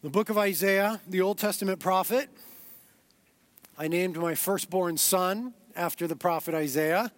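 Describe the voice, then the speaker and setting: A man's voice: high-pitched, unhurried, dry recording. A man preaching a sermon as pastor, earnest and growing emphatic, with repeated words as he builds.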